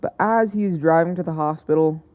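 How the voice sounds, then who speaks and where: A young man narrates an alternate-history map video in a casual, chatty, hesitant way, often correcting himself as he goes. His voice is a little high, a little fast, smooth and darkish in tone.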